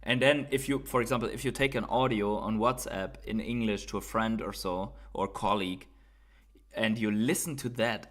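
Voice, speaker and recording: Speaking in a fairly low, fairly bright voice, this livestream host from Germany has a German accent. He muses aloud in a casual stream, cursing occasionally and frequently ending with "right?".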